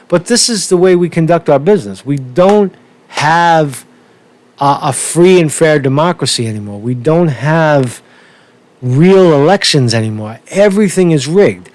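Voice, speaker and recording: A man's voice: on the high side, animated, a little slow, darkish tone. A man ranting angrily about politics, swearing often and repeating himself. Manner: profane, heated, repeats himself. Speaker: political commentary vlogger. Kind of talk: angry political rant.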